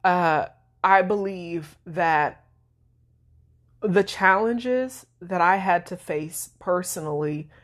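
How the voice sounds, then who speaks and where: A woman hosting her own podcast, speaking emotionally and tearfully, laughing through her tears. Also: fairly low pitch. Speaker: podcast host. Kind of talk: heartfelt solo podcast talk.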